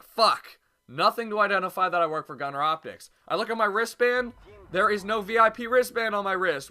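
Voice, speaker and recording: A young man casually telling a story to his viewers in a vlog, swearing freely and acting out what others said. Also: high voice. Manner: animated, profane, acts out quoted voices. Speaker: YouTube vlogger.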